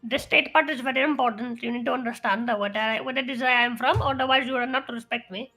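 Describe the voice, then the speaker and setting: A woman's voice: a little high, fairly even intonation, fast talker, sharp tone, faint music behind. A woman doing a haughty fake ambassador, Indian accent. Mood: pompous. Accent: put-on Indian. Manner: haughty, stiff, formal. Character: pompous self-proclaimed male ambassador, 40s.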